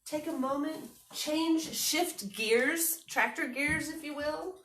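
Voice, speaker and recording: A woman's voice: high-pitched, slow, fairly bright tone, a little hiss or hum. A woman librarian reading a picture book aloud at storytime, with chatty, giggly asides to the children.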